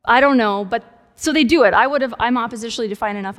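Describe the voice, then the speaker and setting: A woman's voice: on the high side, very fast, fairly bright tone. A woman pastor preaching a sermon in a conversational, playful way with humorous asides. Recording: long hall reverb.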